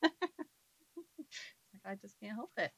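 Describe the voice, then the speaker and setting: A woman guest on a radio show, animated and laughing often, with hiccups, telling paranormal stories in casual chat. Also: medium pitch, slow, vocal fry, breathy edge, no echo.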